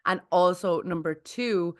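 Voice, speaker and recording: A woman's voice: on the low side, measured pace, no echo, clean studio sound. A woman co-hosting a pop culture podcast, giving wry, reflective commentary in casual chat. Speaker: podcast co-host.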